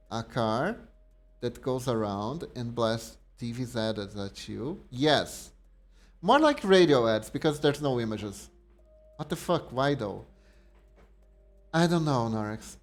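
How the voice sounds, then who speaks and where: A man live-streaming a card game, reading card text aloud and chatting casually with his viewers. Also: medium pitch. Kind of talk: casual live-stream chat while gaming.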